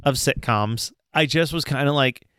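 A man's voice: mid-range voice, moderate pace, fairly bright tone, clear, resonant tone, no room sound, studio quality. A man, the show's producer, chatting casually and agreeably with the host. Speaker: podcast producer. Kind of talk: casual chat.

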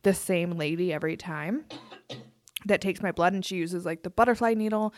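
A woman's voice: lowish voice, normal speed, a little hiss or hum. A young woman co-hosting a podcast in casual chat, talking in a rambling way, filling her talk with "like" and laughing often. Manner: chatty, heavy use of "like", laughs often. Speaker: podcast co-host. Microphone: podcast microphone.

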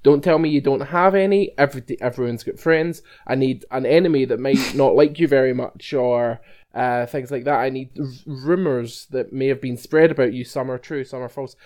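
A man in casual podcast chat about running tabletop games, blunt and teasing, slowing down for emphasis. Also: medium pitch, darkish tone. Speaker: game master and co-host.

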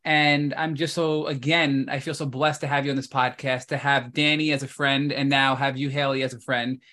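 A man co-hosting a podcast, speaking earnestly and heartfelt, halting at times. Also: medium pitch, little pitch movement, bright, forceful tone. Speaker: podcast co-host. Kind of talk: interview talk.

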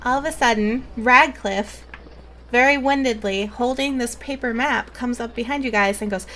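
A woman's voice: on the high side, moderate pace, bright, forceful tone, slight background noise. A woman running a tabletop game as game master, casual and a bit hesitant.

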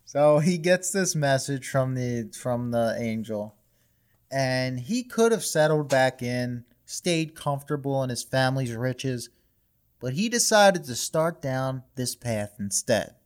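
A man's voice: medium pitch, expressive, takes it slowly, smooth. A man tells a history story in a loose, conversational podcast style. He swears freely, hedges with fillers, and laughs a lot. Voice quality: casual, profane, laughs easily. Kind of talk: casual comedy podcast narration.

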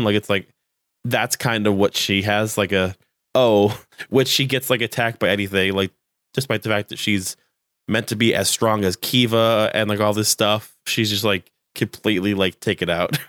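A young man in relaxed conversation, a somewhat low voice that wanders through filler words and bursts into quoted lines. The sound is dry, with no room echo. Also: normal speed. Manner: rambling, heavy filler words, animated quoting. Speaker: podcast co-host. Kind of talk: casual chat.

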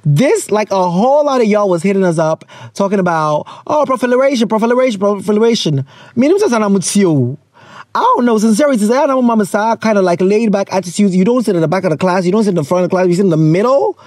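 A man in his thirties hosts a playful, chatty show and slips local slang into his talk. His voice sits high and swings up and down a lot. The sound is dry and close, with no room around it. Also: lively intonation, fast, darkish tone, dry recording. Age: 30s. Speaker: podcast host. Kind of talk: casual chat.

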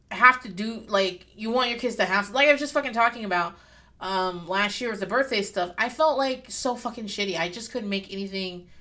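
A woman's voice: fairly high pitch, a bit bright. A woman talks casually as a podcast host, recapping a reality show. Her speech is loose and rambling. She swears often and breaks into laughter along the way. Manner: swears freely, rambling and candid, with bursts of laughter. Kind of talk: casual chat.

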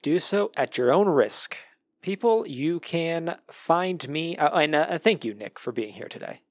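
A man's voice: on the high side, expressive, a little slow, no echo. A man hosting a podcast in casual chat, upbeat and joking with his guests. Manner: jokey and upbeat. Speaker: podcast host.

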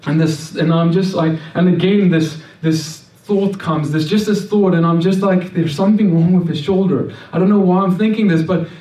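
A man's voice: high voice, fairly even intonation, normal speed, hardly any pauses, dark tone. Man sharing a faith testimony, earnest, tumbling restarts; recorded from a distance in a roomy space. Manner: earnest storytelling with frequent restarts and repeated words. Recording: roomy echo, mic at a distance.

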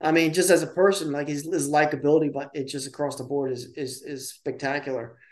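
A man's voice: a little high, steady tone, fairly quick. A man co-hosting a podcast in loose casual chat, laughing often and making jokes at his own expense. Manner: laughing, self-deprecating, loose. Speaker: podcast co-host. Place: home room with a bar behind him. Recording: roomy echo.

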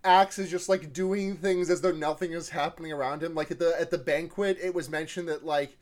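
A young man with a notably high voice, chatting casually on a podcast about a book. He rambles through the story, leaning hard on fillers as he goes. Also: steady tone, a little fast. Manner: rambling, heavy on fillers like 'like'. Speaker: podcast co-host. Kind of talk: casual chat recapping a book.

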